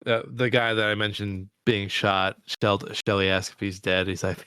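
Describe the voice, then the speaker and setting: A man co-hosting a podcast, chatting casually about a movie, rambling with halting restarts and quick asides. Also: on the low side, steady tone, pushed and bright, clear, resonant tone, dry recording, clean studio sound. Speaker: podcast co-host.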